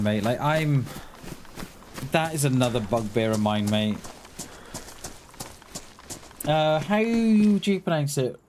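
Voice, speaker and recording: A middle-aged man chatting casually to viewers while streaming a game, calling them "mate" and often restarting his sentences. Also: on the high side. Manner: chatty, says "mate" a lot, many restarts. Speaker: livestream gamer. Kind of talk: casual livestream chat. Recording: faint background noise and clicks.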